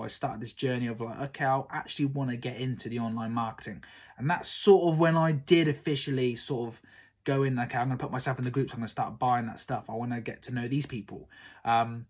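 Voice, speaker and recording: A young man speaking to camera in a casual, excited monologue, gushing, full of fillers and repeats, and jumping high to act out quotes. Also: husky. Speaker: summit organiser vlogging.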